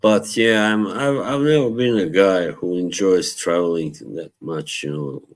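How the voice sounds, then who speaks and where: Slow, low-voiced man chatting on stream. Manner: relaxed, rambling, laughs often, mixes in Bosnian. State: tired from little sleep. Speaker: live stream host. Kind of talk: casual live-stream chat with viewers.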